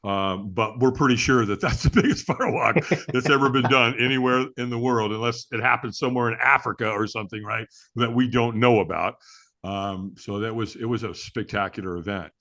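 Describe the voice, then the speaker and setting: The guest, a middle-aged man who teaches firewalking, has a mid-range voice and talks a little fast. Chatting casually, he tells stories with energy, acts out quotes, and laughs a lot.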